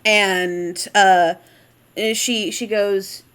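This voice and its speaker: A woman's voice: mid-range voice, a little slow. A woman game master narrating a tabletop horror game, casually, with frequent ums and restarts. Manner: hesitant, many fillers.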